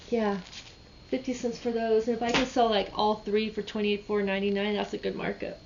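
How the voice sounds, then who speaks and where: Woman, casual rambling reseller vlog chat, mid pitch, slightly dull recording with faint noise. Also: vocal fry, a little mellow. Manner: chatty, rambling storyteller with frequent restarts. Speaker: reseller vlogger.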